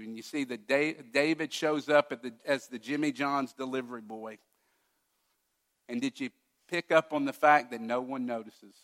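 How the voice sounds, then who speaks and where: Bright-voiced emphatic preacher man. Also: medium pitch, measured pace, long pauses. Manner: emphatic, swinging between loud declarations and hushed asides. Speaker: pastor. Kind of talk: sermon.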